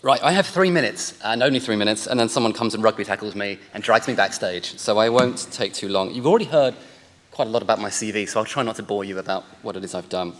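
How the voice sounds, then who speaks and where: A man's voice: fairly low pitch, fast, fairly bright tone. A man in his forties giving a chatty, self-deprecating acceptance speech, a little emotional and rambling. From England. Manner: chatty, jokey, rambling with restarts. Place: large ceremony hall. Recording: long hall reverb.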